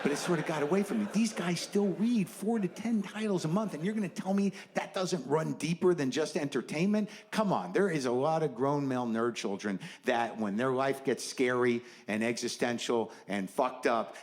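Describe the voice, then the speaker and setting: A man's voice: medium pitch, normal speed, few pauses. A man doing a stand-up comedy set on stage, riffing in a rambling, conversational and profane way. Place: stage before a live audience. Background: faint audience laughter.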